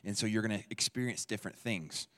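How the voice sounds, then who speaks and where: A man speaking at a church runs an interactive teaching talk, chatting casually, quizzing the audience and echoing their replies. He talks fast in a low voice, and a long reverb from the large hall fills the recording.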